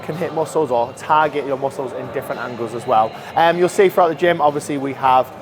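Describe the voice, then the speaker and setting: A man's voice: medium pitch, fairly quick, over music. A man casually walking viewers through gym machines, chatty and self-deprecating. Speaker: gym staff giving a tour. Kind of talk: casual walkthrough explanation. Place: large indoor gym. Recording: noisy gym background.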